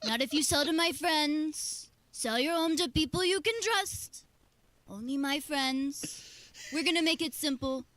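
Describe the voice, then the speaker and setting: A brash, boastful old president who brags, repeats himself and cuts people off, as a woman does a comic impression. The voice sits high and has a New Jersey twang to it. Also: measured pace, a bit bright, no room sound. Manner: boastful, repetitive, interrupts herself. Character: boastful older male president, brash showman. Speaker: fill-in producer.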